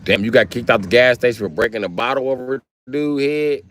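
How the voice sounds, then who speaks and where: A man's voice: mid-range voice, fairly quick, a little hiss or hum. A man livestreaming from his car on a phone, ranting casually and profanely as he riffs through comedic stories. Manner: profane, animated storytelling. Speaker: live streamer. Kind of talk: casual comedic rant on a live stream. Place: inside a car.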